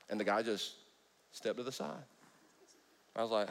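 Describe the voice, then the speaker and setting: A man's voice: medium pitch, sing-song, fairly quick, bright, forceful tone. A man preaching a sermon in church, joking and breaking off his own sentences. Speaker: pastor.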